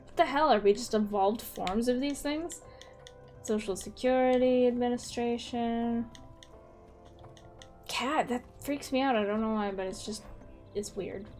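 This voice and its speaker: A woman's voice: on the high side, moderate pace, soft background music. A woman streamer casually chatting while playing a video game, self-mocking and reading lines aloud. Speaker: gaming streamer. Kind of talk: casual let's-play commentary.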